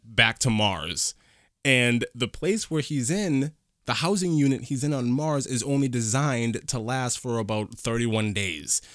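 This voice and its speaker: A man's voice: mid-range voice, a little slow, no echo, clean studio sound. Man retelling a movie scene. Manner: retelling scenes in detail, animated. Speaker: movie reviewer. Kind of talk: casual chat.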